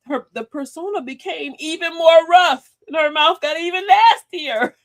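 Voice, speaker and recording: A woman's voice: very high voice, moderate pace, dry recording. A middle-aged woman hosting a casual livestream talk, folksy and sassy, preaching advice and laughing often. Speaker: livestream host.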